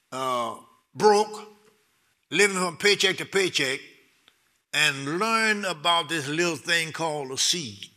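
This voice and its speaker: A middle-aged man preaching a sermon, excitable, repeating words and building to loud bursts with laughter. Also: fairly high pitch.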